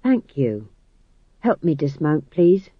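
A man's voice: on the high side, big pitch swings, takes it slowly, husky, no echo, dull audio, heavily acted. A man voicing a fussy, polite young male king in an audiobook reading. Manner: prim, plaintive. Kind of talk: audiobook narration.

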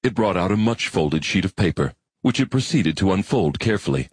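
A man narrating a science-fiction audiobook in an expressive storytelling manner. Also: deep voice, brisk, hardly any pauses, breathy edge, no room sound. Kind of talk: scripted narration.

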